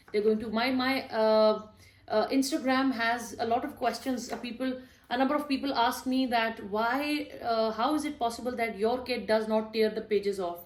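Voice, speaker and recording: A young mother giving friendly, explanatory tips on reading to small children in a casual way, with some fillers. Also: fairly high pitch. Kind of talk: casual instructional talk showing books. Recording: roomy echo.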